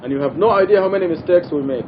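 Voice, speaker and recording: Earnest man teaching in a mosque. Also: very fast. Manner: earnest, explanatory, emphatic with occasional laughs. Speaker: Quran study teacher. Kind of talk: informal religious study talk. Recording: dull lo-fi archival recording with faint rumble.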